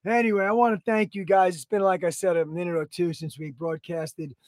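Excitable high-voiced man in his thirties. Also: brisk, dry recording. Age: 30s. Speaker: podcast co-host. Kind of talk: casual podcast banter.

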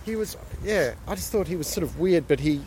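A man's voice: a little high, expressive, brisk. A man chatting casually about a film while walking outdoors on a city street, hesitant and thoughtful, with many restarts. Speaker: film discussion co-host. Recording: street noise from passing traffic. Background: traffic noise.

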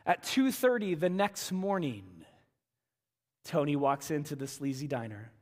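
High-voiced male pastor in a hall. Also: a little slow. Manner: animated storytelling, swings from hushed to loud and emphatic. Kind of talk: storytelling sermon. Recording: reverberant church hall.

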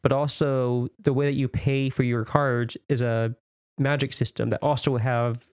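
Chatty man, smooth dry voice. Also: medium pitch, level tone, measured pace, a little mellow, no room sound. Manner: chatty, rambling with many "like" fillers. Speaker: podcast co-host. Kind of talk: casual chat.

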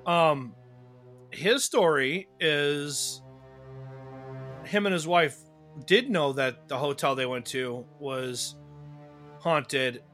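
A man's voice: fairly high pitch, very slow, long pauses, a bit bright, faint music behind. A man hosting a podcast in casual conversation, chatty and rambling with fillers. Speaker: podcast host.

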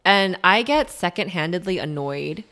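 A woman's voice: fairly low pitch, normal speed. A young adult woman co-hosting a podcast, ranting in casual chat and filling her talk with "like". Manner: ranting, animated, heavy use of "like". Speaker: podcast co-host.

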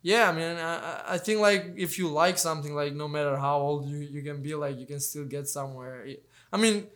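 A man's voice: fairly high pitch, fairly quick, a bit bright. Young man telling stories with many restarts. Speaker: guest, fighter. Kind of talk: casual interview chat.

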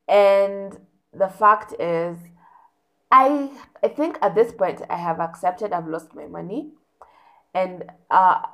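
A young woman telling a story in a casual, animated rant, repeating words for emphasis. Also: lowish voice.

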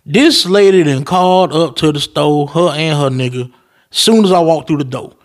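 Young guy hosting a podcast, cussing a lot while he tells a story, voice sits a bit high. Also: normal speed. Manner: profane, animated storytelling with acted-out quotes. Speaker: podcast host. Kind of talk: casual storytelling monologue.

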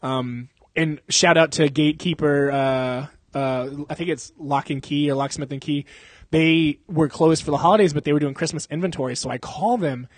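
Young male podcast host, higher voice, rambling and profane, heavy on fillers and sound effects, dry close mic. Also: moderate pace, no room sound. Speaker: podcast host telling a story. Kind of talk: casual storytelling.

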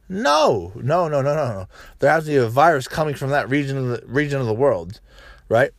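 Casting: man, mid-pitched, ranting monologue, swears freely, dry close-miked sound. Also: brisk, dry recording. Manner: profane, animated, ranting; frequent "right?" tags and restarts. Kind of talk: casual political monologue.

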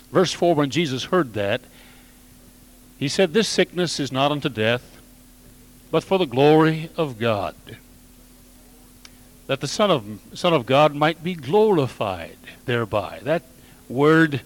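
A man preaching a sermon to his church, slow and measured, swelling loud and dropping to near quiet for emphasis. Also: medium pitch, expressive. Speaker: pastor.

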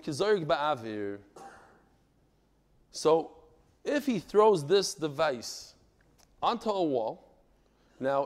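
A man from Brooklyn, New York, teaching a Talmud class in a lively, digressive way, breaking into joking stories. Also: fairly high pitch. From United States (Brooklyn, New York).

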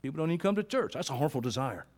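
A man preaching a sermon as pastor, folksy and impassioned, rising to loud fervent peaks and dropping to quiet intensity. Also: a little high, expressive, racing, long reverb tail. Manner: folksy colloquial speech with rhetorical questions to the congregation.

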